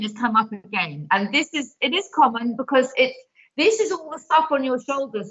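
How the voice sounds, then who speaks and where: Earnest high-voiced woman reading cards. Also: a bit bright, muffled recording. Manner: earnest, emphatic, reassuring. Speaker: card reader guest. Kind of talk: live online card reading.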